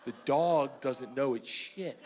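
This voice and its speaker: A middle-aged man doing a stand-up routine, telling a story loudly and excitably and bursting into shouts. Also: medium pitch, takes it slowly. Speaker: stand-up comedian. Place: live comedy stage before an audience. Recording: noisy live stand-up recording.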